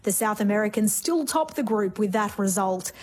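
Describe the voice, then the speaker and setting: A woman's voice: mid-range voice, expressive, normal speed. A woman delivering a scripted sports news report.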